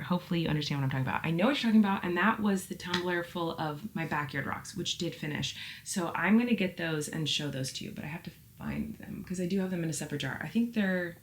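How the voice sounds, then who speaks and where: A woman's voice: lowish voice, fast talker, hardly any pauses. A woman in her thirties chatting candidly to camera as a vlogger, emotional and rambling, with lots of filler words. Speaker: vlogger answering viewer questions. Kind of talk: casual chat to camera.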